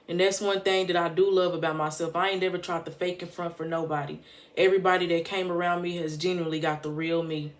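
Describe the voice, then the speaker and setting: A motivational vlogger speaking straight to the camera in a heartfelt, preachy way, often repeating points for emphasis. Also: mid-range voice. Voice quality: emphatic, preachy, casual street-smart phrasing.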